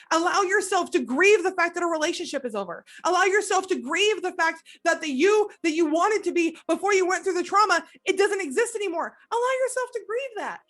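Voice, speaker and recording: A woman with a high voice talks through a podcast monologue as a recovery coach. She speaks gently and reflectively, asking the listener questions to consider.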